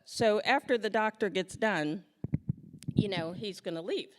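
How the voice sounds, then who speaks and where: A woman of ordinary pitch tells a funny story from her own life to a live audience, acting out each scene as she goes. Her delivery is lively and self-mocking. Her voice rings out with the long reverb of a big hall. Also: a little slow. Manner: animated, acts out scenes, self-mocking humor. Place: stage before an audience.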